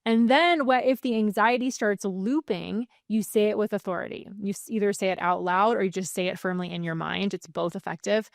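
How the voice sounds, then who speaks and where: A woman sleep coach teaching calming techniques in a soothing, gently firm way, with light laughs between points. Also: medium pitch, fairly quick, creaky, hardly any pauses, no echo, studio quality. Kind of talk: calm self-help teaching to camera.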